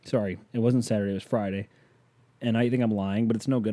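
Man, podcast host, casual rambling monologue, joking, mellow dark tone. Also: on the low side, fairly even intonation, fast talker. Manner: rambling, joking, addresses listener directly.

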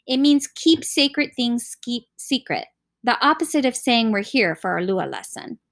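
A woman's voice: on the high side, very animated, measured pace, a bit bright, heavily acted. A woman voicing a composed, respectful young girl who speaks politely, read as an audiobook character.

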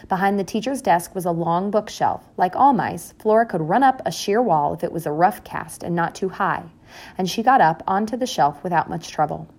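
Low gravelly woman narrator. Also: animated, moderate pace, darkish tone. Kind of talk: audiobook narration.

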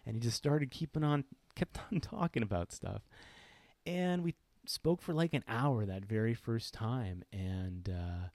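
A man's voice: mid-range voice, a little slow, a little mellow, dry recording. A middle-aged man hosting a podcast, telling a personal story in an earnest, reflective way that often stops and restarts. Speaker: podcast host.

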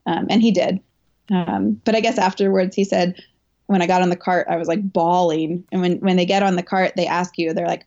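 A woman's voice: lowish voice, steady tone, fairly quick, a little mellow, muffled recording. A woman runner and coach recounting a race in an interview, talking in a candid, emotional way full of fillers and restarts. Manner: chatty, filler-heavy, emotional retelling. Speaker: elite marathon runner and coach.

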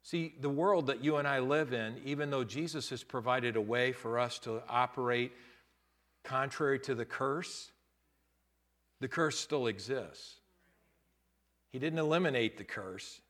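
A man preaching a sermon as pastor, switching between loud, rising preaching and quieter teaching, and laughing often. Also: mid-range voice, measured pace.

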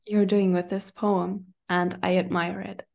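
A woman hosting a casual chat, reflecting supportively in drawn-out phrases. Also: fairly low pitch, level tone, gravelly, darkish tone. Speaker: host.

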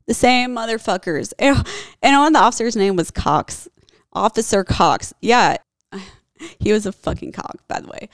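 Young woman vlogger, blunt confessional storyteller who curses often; raspy vocal fry, dead-dry recording. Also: medium pitch, animated, moderate pace, dry recording. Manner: blunt, heavy swearing, candid. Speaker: vlogger telling a personal story.

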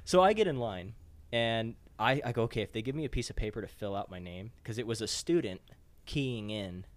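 A man's voice: lowish voice, lively intonation, fairly quick, no room sound. Profane laughing male podcast storyteller. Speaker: podcast co-host. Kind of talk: casual storytelling chat.

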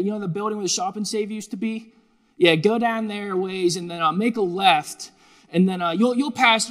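A man's voice: high-pitched, fairly bright tone, long reverb tail. A man voicing an angel as a folksy local with a Pittsburgh accent, rambling through vague directions. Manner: rambling, vague landmark directions, drawn-out fillers.

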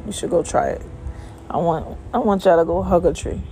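A woman's voice: lowish voice, moderate pace, dark tone, soft background music. A woman giving blunt, loosely rambling motivational talk outdoors on her porch, swearing freely as she chats. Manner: blunt, profane, loose and chatty. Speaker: vlogger. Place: outdoors on a home porch by water.

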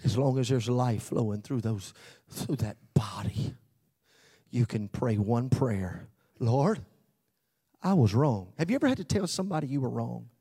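A man preaching a sermon as pastor, swinging from loud emphasis to hushed near-whispers and slowing down on key phrases. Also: mid-range voice, expressive, slightly rough.

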